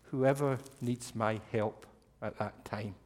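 A man's voice: fairly low pitch, steady tone, slow, darkish tone. An earnest, caring young girl, as a man puts her on for a story. Her lines ring out in a long church-hall reverb.

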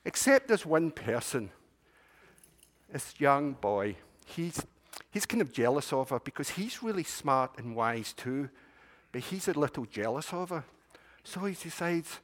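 A man tells a story to a congregation in an animated storytelling manner. His pitch sits right in the middle of the range. A long reverb carries through the sanctuary. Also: normal speed. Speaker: children's storyteller at a church service. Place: church sanctuary. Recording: long reverb of a large room.

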